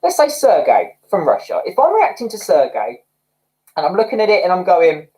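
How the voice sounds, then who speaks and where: A man's voice: sits high, huge pitch swings, normal speed, mellow, poor audio. A young man chats his way through a livestream. He rambles and talks expressively, his voice rising and falling a great deal as he reads out viewer comments. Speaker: livestream host. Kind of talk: casual livestream chat reading comments.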